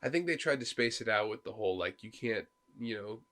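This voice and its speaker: A man's voice: on the low side, brisk. A man on a casual podcast, telling stories with lots of energy and acting out the characters' lines as he goes. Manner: animated storyteller, acting out game characters' lines. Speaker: podcast co-host. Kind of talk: casual chat about video games.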